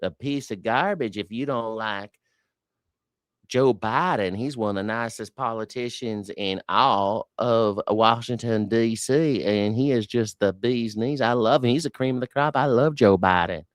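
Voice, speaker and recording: A man's voice: mid-range voice, unhurried, no echo, studio quality, lightly acted. A man doing a mocking impression of a gushing older male senator, with syrupy, fawning praise.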